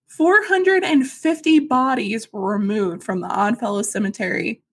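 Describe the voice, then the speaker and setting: A woman from Arkansas chats on a podcast, spinning stories with sarcastic asides. Her voice sits a little high, with a gravelly, husky edge. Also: moderate pace, few pauses. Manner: chatty storyteller, sarcastic asides, frequent laughs. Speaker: podcast co-host. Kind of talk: casual chat.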